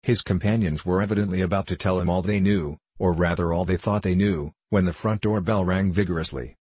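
A man reading a classic novel aloud as an audiobook narrator, in a measured, even manner. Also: deep voice, slightly rough. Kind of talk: scripted narration.

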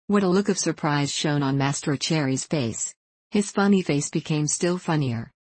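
Low-voiced woman reading a storybook. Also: animated, normal speed, darkish tone, slightly rough, no room sound. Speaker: audiobook narrator.

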